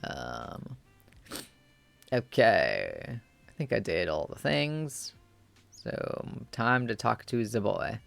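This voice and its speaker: A streamer casually commenting while playing a story game, in a rambling, low-key way. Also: very animated, extremely slow, gravelly, long pauses, fairly bright tone, dry recording, soft background music.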